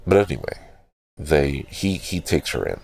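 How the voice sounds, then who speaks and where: A man's voice: very deep voice, big pitch swings, moderate pace, creaky, darkish tone, husky. A man hosting a casual, digressive film talk, swearing freely and correcting himself as he goes. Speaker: podcast host reviewing a film. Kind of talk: casual rambling film commentary.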